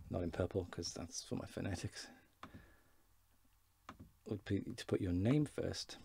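A man giving an informal beginner language lesson, slowly modelling words for learners to repeat. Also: deep voice, vocal fry, mellow, breathy edge. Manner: slow, careful pronunciation drills. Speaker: Welsh language teacher.

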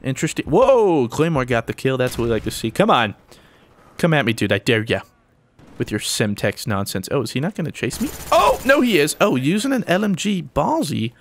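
A young man giving running commentary over a video game as a gaming channel host, often breaking into high excited yelps when the action spikes. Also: fairly quick, a little hiss or hum. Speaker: gaming YouTuber. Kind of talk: gameplay commentary.

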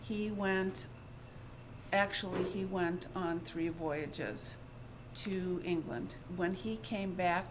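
A woman explains local history in a calm and unhurried way, her voice sitting a little low. She speaks slowly and deliberately. Outdoor noise is heard behind her.

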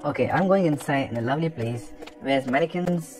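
Slightly high-voiced guy yelling at a horror game, taunting it, swearing, game music going behind. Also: brisk. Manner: excitable, taunting the monster and swearing. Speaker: gaming commentator. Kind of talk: let's play commentary.

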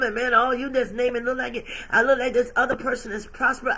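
A woman's voice: on the high side, flat delivery, fast, bright, forceful tone, breathy edge. A woman pastor preaching emphatically, acting out her dialogue with God. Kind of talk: sermon.

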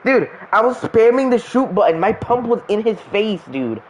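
A young man chats with friends while streaming a game, cracking jokes, laughing often and swearing freely. His voice sits a bit high and swings widely in pitch. A faint hiss of noise sits under his talk. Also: big pitch swings, normal speed, poor audio. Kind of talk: casual gaming chat with friends.

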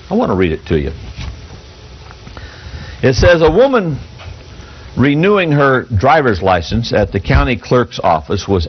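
A male pastor preaching a sermon from the pulpit in a folksy, halting way, reading an article aloud to the congregation. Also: medium pitch, slightly rough. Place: church pulpit. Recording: dull lo-fi church recording.

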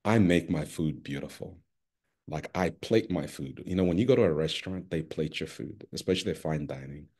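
A middle-aged man giving an expressive conference keynote over a video call, calling on listeners by name. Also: extremely low pitch, moderate pace, slightly rough. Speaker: keynote speaker.

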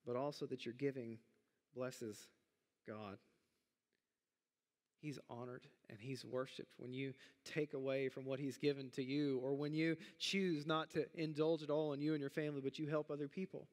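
Animated pastor preaching in a reverberant hall. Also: male voice, moderate pace. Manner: conversational, animated storytelling with big pitch jumps. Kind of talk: sermon. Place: church sanctuary.

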